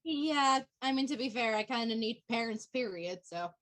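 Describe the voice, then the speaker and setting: A woman playing a character in a tabletop game, soft-spoken, hesitant and self-deprecating. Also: on the high side, expressive, normal speed. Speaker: player.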